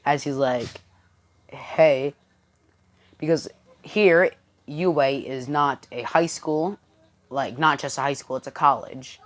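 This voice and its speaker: Brief: low-pitched woman, casual improvised storyteller, rambling, filler-heavy. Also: unhurried. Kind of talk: improvised fan-fiction storytelling.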